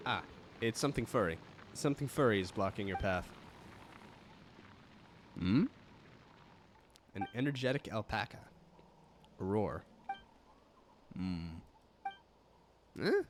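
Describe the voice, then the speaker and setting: A man's voice: lowish voice, animated, moderate pace, long pauses, slight background noise. Chatty male game streamer. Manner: chatty, self-deprecating, reads game text aloud. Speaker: let's play host. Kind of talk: casual gameplay commentary.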